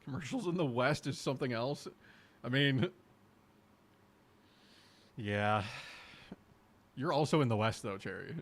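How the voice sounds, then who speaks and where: Brief: young man, casual streamer chat, easygoing and quick to laugh, mid pitch. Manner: laid-back, excitable, laughs easily.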